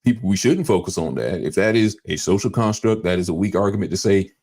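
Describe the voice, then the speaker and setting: A man in a casual podcast discussion who reasons thoughtfully, in a halting way, often restarting his sentences. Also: low-pitched, animated, a little mellow. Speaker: podcast co-host.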